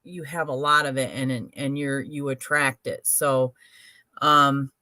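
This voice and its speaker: Mulher de meia-idade, voz bem grave, fala calma e cheia de "sabe", som seco e próximo. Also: female voice, extremely low pitch, no echo. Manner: unhurried, filler-heavy, explaining. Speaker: spiritual show participant. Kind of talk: casual chat.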